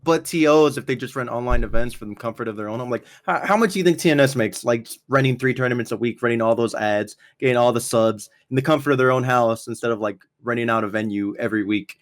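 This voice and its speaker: A man hosting a casual panel discussion, laying out his points loosely and often tossing in "right?" to pull others in. His voice has a mid-range male pitch. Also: quick pace, hardly any pauses. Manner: conversational, seeks agreement with "right?". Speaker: stream host.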